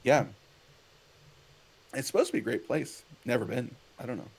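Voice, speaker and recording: A man hosting a casual chat, asking questions in an animated way. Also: medium pitch, normal speed, vocal fry, husky. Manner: animated, questioning, laughs often. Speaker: host.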